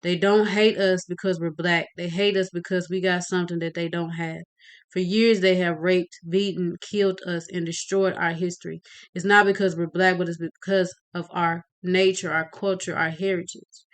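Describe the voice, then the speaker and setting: A woman's voice: lowish voice, moderate pace, natural voice. A woman voicing a teenage boy in a read-aloud novel, earnest and pleading. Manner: pleading when scared, earnest and steady on stage. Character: frightened teenage Black boy, later calm speaker.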